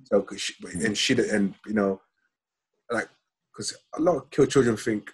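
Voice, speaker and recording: A man speaks on a podcast in a halting way, restarting and repeating words. His voice is low and husky. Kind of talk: casual podcast chat.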